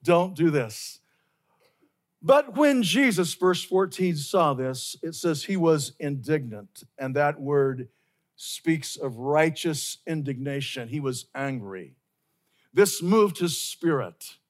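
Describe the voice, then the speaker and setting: Male pastor, slightly high voice, slow and earnest sermon delivery that repeats key phrases. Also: lively intonation.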